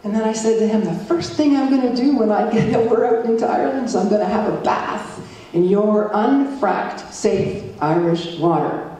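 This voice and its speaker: A woman's voice: normal speed, dark tone. Woman telling her story in an echoey hall. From Alberta, Canada. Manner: storytelling, acting out dialogue with shifts in pitch. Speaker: guest speaker warning communities. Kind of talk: public talk with slides. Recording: echoey hall from a distant mic.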